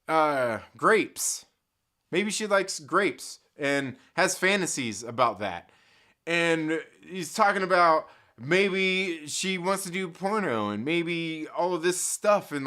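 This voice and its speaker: A man's voice: sits high, pushed and bright. A man hosting a casual live stream, rambling and swearing, with many "like" fillers and frequent laughs as he reads chat. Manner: profane, rambling, lots of "like" fillers, laughs often.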